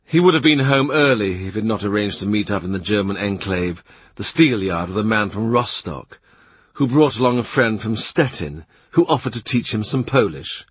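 A man narrating a literary audiobook in a measured, quiet way. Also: on the low side, lively intonation, slightly rough, dry recording. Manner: measured, quiet, present-tense reading.

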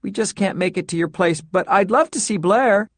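A man's voice: high-pitched, moderate pace, no room sound, pitched above the performer's own voice, close to an everyday voice. A man voicing a flustered middle-aged woman secretary who apologizes in a struggling way, in a storybook reading. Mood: apologetic.

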